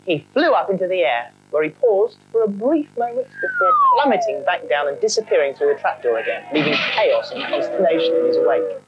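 A woman narrating a children's storybook in a wry, animated way. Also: on the low side, a little fast, hardly any pauses, lo-fi sound, over music.

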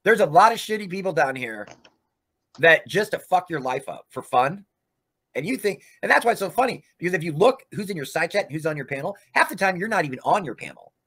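A man's voice: sits high, big pitch swings, brisk, fairly bright tone, husky. A man hosting a livestream, ranting in a profane, combative way. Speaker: livestream host.

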